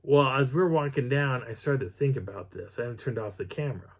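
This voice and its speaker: A middle-aged man telling a story on his video channel in a casual, animated way, acting out what people said. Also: brisk. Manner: animated, acts out quotes with pitch jumps and whispers. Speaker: vlogger.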